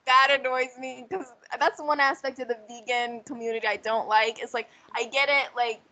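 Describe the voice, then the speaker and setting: A young woman talks in a loose, chatty way, full of fillers, on a podcast. Her voice is high and bright. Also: moderate pace, rough recording. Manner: chatty, animated, lots of fillers. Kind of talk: casual chat.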